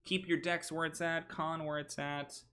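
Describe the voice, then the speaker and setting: A man's voice: on the high side, little pitch movement, moderate pace, sharp tone. A man hosting a casual livestream, thinking aloud about game monster stats with goofy asides. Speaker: stream host redesigning game monsters.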